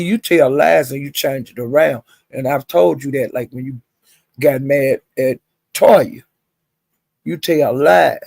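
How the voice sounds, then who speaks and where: Gravelly, husky man spilling gossip. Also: a little high, no room sound. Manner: chatty, calls listeners honey and child; animated retelling, mimics others' quotes. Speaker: vlogger. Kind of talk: gossipy storytelling.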